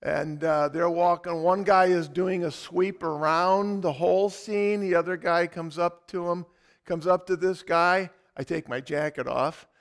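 In an unhurried sermon, a male pastor with a fairly high voice tells his story animatedly and dramatically before moving on to scripture.

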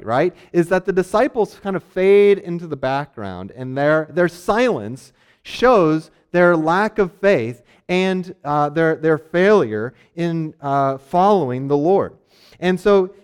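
A man with a notably high voice gives a sermon in a loose, conversational way. He explains a Bible passage and briefly acts out the people in it, with plenty of casual fillers. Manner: conversational, acts out characters in quick asides; frequent fillers and restarts, laughs lightly. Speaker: preacher.

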